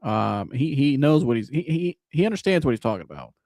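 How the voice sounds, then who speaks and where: A man hosting a live sports reaction show, talking in an animated, casual, joking way with some swearing. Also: mid-range voice, brisk, creaky, dry recording, clean studio sound. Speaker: sports podcast host.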